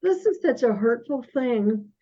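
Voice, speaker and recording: An older woman guest speaking in a casual conversation, halting and often restarting her sentences. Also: fairly high pitch, expressive, mellow. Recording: dull lo-fi audio.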